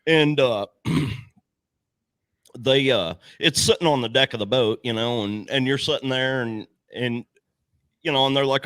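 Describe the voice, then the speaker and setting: A man's voice: medium pitch, unhurried, clean tone, no room sound. A man telling a story in a casual podcast chat, swearing often and acting out the other people's lines. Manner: animated, profane storyteller who acts out dialogue. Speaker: podcast panelist.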